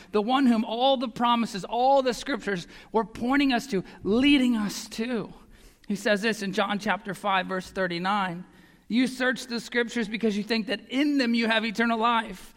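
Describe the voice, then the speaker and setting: A man preaching a sermon as pastor, earnest and emphatic, sometimes dropping to a hush. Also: sits high, moderate pace. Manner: earnest, emphatic, drops to a hush on key lines. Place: church sanctuary. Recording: long hall reverb.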